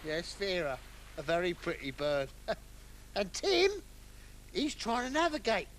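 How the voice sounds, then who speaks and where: A performer voicing a hapless, excitable castaway lost at sea in a children's puppet comedy, swinging between calm and wailing panic. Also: medium pitch, unhurried, very noisy. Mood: comic panic.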